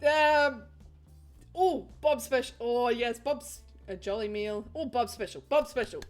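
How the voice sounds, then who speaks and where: A woman, playing a game and reading its text aloud between excitable, swearing reactions, with faint game music behind. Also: a little high, unhurried. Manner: excitable, giggly, swears often. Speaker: gamer.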